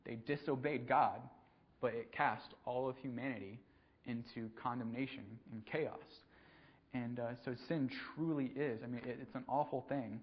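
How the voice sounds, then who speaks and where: Guy preaching a laid-back sermon, lots of ums and restarts, middling pitch, kinda muffled lo-fi audio. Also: fairly even intonation. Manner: halting, frequent ums and repeated words. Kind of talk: conversational sermon. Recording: dull lo-fi recording.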